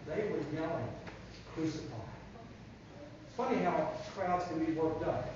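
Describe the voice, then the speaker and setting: A man giving a children's sermon in a church, telling a Bible story in an animated way and asking the kids questions. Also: on the high side, moderate pace, slight background noise. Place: church sanctuary. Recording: echoey church from far off, dull sound.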